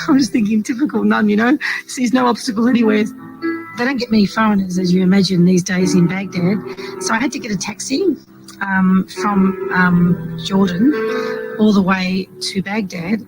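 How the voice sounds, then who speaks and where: A woman's voice: medium pitch, fairly even intonation, normal speed, music in the background, rough recording. A woman from Australia, an aid worker, telling a reflective personal story with many hesitations and fillers.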